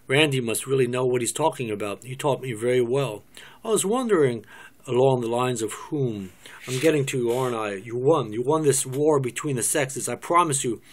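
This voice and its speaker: A man's voice: medium pitch, animated, moderate pace, natural voice. A scheming eight-year-old girl who talks with sly, knowing confidence, read by a man in a cold reading. There is little voice change, so it stays close to an ordinary man's speech.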